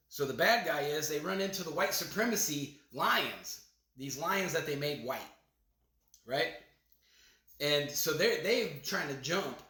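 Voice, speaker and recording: A man's voice: fairly high pitch, fairly bright tone. A man hosting his own podcast, rambling casually with loose slang and many restarts as he breaks down a movie trailer. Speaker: podcast host. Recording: echoey room.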